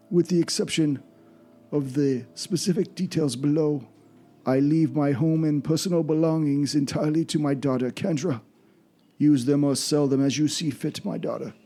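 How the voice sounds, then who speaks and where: A man's voice: a little high, warm tone, pitched above the performer's own voice. A man voicing a formal, grave old male scholar, reading out his will in a tabletop game.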